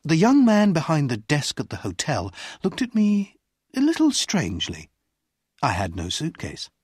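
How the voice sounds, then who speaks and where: A reader slowly and clearly narrating a graded-reader story. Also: medium pitch, wildly swooping pitch, darkish tone, dry recording, clean studio sound. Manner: slow, clearly paced storytelling. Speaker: audiobook reader.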